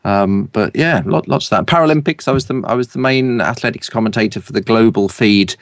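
A middle-aged man from East London with a polished southern English accent, a broadcaster and speaker coach telling lively anecdotes in an interview. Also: fairly low pitch, dry recording, studio quality. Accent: standard southern English. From East London, England. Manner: lively, anecdotal, quick to laugh.

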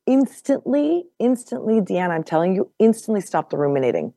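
A woman guest on a podcast telling a personal story in casual conversation. She is animated, laughs often and repeats words as she goes. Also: mid-range voice, fairly quick, creaky, no room sound, clean studio sound.

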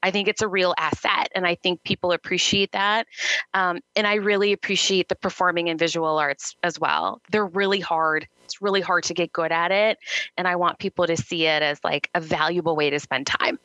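Confident middle-aged woman guest, bright tone, lowish voice, emphatic chat. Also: steady tone, moderate pace, no room sound, dull audio. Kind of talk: casual interview chat.

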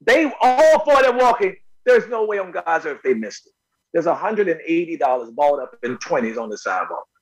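A man from North Carolina, an actor interviewed as a guest, telling animated personal stories and often repeating words. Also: on the high side, a little fast, breathy edge, low-quality recording. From North Carolina, USA. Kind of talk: casual storytelling interview.

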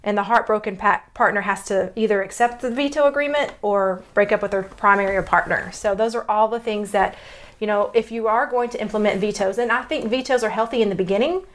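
Texan woman, mid-pitched, podcast co-host, explainer tone with restarts. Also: brisk. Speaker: podcast co-host, relationship doctor.

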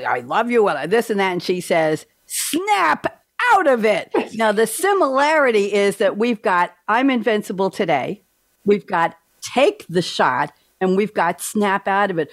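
A woman from New York hosting a talk show over a video call, chatty and lively. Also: medium pitch, no echo. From New York, USA. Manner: lively, chatty, talks quickly. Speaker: host.

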